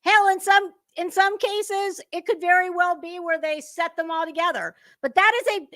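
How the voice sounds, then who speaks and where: A woman's voice: extremely high pitch, fairly even intonation, normal speed, pushed and bright, dry recording. A middle-aged woman hosting drama commentary, scathing and mocking, lecturing and swearing freely. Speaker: commentary channel host.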